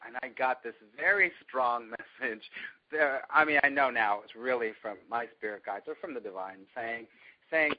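A man telling a long personal story to a small group in a casual, animated way, often laughing as he goes. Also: mid-range voice, normal speed, highs cut off.

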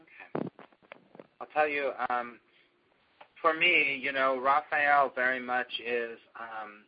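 A man's voice: mid-range voice, fairly even intonation, takes it slowly. Rambling man leading a spiritual group. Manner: rambling, with many fillers and restarts. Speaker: meditation group leader. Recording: dull lo-fi recording.

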